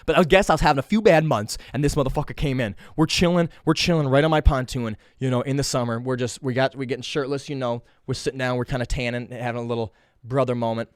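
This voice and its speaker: A young man hosting his own podcast, talking loudly and fast in a rambling way, full of restarts and swearing, straight to a camera. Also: mid-range voice, no room sound, clean studio sound. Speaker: podcast host. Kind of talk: casual solo podcast monologue. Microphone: camera mic.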